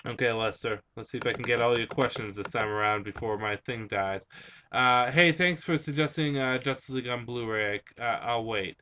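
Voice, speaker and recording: A man's voice: medium pitch, normal speed, bright, forceful tone, a little hiss or hum. A young man with a slight Spanish-influenced accent on some words, hosting a vlog and answering viewer questions in a rambling, hesitant way with many fillers. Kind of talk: casual chat.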